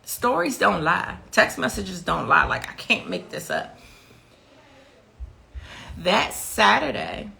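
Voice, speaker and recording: A woman's voice: mid-range voice, sing-song, takes it slowly, vocal fry, long pauses, bright, forceful tone. A middle-aged woman, the mother of a victim, giving an intense, emotional personal account and repeating her key phrases.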